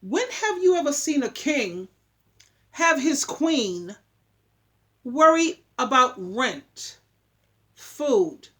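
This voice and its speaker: High-voiced woman vlogger lecturing her viewers, emphatic and repetitive. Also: fairly bright tone. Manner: emphatic, preachy, repeats points for emphasis. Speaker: relationship advice vlogger. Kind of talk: casual opinionated monologue.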